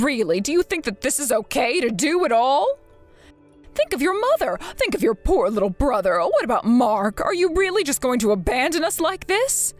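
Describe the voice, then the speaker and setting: A woman voicing a whiny, manipulative older mother who pleads and guilt-trips in an animated story. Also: sits high.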